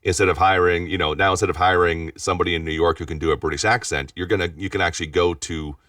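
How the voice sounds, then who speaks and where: A man's voice: low voice, steady tone, fairly bright tone, no echo. A man, a voice actor and studio owner, speaking as a guest in a casual interview and often restarting his sentences. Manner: rapid talker with frequent restarts and repeated words. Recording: distant mic, dry sound.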